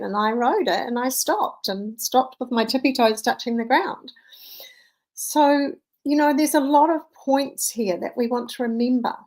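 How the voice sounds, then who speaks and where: A woman's voice: on the high side, poor audio. A woman in her fifties, a mindset coach, telling a personal story in an earnest, conversational motivational talk.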